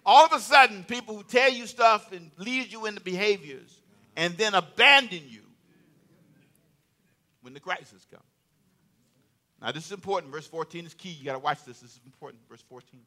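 A man preaching a sermon in a lively, conversational way, with comic asides and repeated phrases. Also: high-pitched, moderate pace, long pauses. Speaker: pastor.

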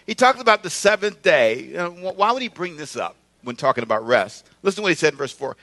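A man's voice: a little high, very animated, quick pace, hardly any pauses, fairly bright tone. A male pastor preaching a sermon in a conversational way, calling on the congregation to repeat his words back. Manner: conversational preaching with call-and-response.

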